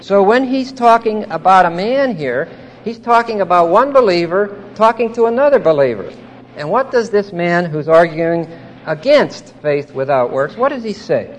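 A man's voice: high voice, animated, normal speed, slight background noise. A man teaching a Bible passage verse by verse, explaining it patiently, checking in with his listeners and stressing key words emphatically.

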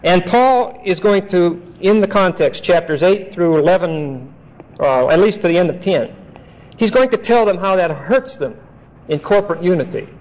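Higher-voiced man preaching emphatically. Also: lively intonation, a little mellow, low-quality recording. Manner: emphatic, explanatory, deliberate phrasing. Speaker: pastor. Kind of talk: expository Bible teaching sermon.

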